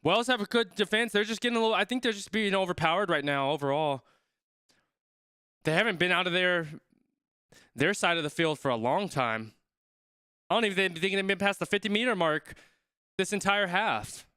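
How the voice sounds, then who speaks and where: A man's voice: high-pitched, animated, brisk, pauses often, bright, forceful tone, clear, resonant tone, no echo, studio quality. A young man watching a rugby match live and chatting along, reading viewers' comments and thinking aloud, often trailing off mid-sentence. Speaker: streamer reacting to a rugby match.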